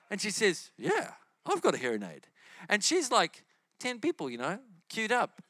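A male preacher tells stories from the pulpit in an animated way, acting out the voices of the people he meets. His voice sits a little high and sounds bright. The sound is close and dry. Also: moderate pace, dry recording. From New Zealand. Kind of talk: sermon storytelling.

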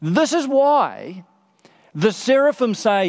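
A male preacher with a fairly high voice delivers a sermon in an emphatic, repetitive style, stacking short phrases one on another. His voice rings out with a long reverb, as if filling a large hall. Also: expressive, normal speed. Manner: emphatic, repeats phrases for effect.

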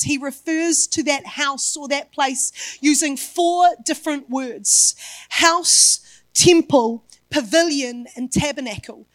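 High-voiced woman preaching a sermon. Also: a bit bright, no echo. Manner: emphatic preaching with building repetition. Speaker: pastor.

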